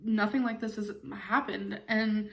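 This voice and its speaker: A woman's voice: medium pitch, steady tone, unhurried, gravelly, a bit bright, slight background noise. Emotional woman vlogger in her twenties. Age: 20s. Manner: emotional, rambling with fillers. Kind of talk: confessional vlog.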